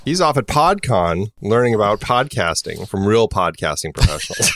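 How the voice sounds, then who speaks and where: Deep-voiced joking man, dry sound. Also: lively intonation, moderate pace, fairly bright tone, no room sound. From United States. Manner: jokey, laughing, self-mocking. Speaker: podcast co-host. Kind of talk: casual chat. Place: home studio near Phoenix.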